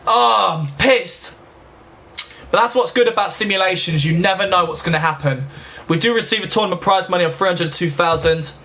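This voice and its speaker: A young man hosting a casual let's-play, chatting straight to his viewers and quick to get annoyed. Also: high-pitched, fairly bright tone. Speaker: gaming channel host.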